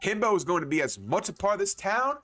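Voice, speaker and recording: A man's voice: sits high, sing-song, fast, bright, forceful tone, pitched above the performer's own voice, exaggerated voice. A man reading as a formal old town mayor. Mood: ceremonial. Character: older male small-town mayor, formal and proud.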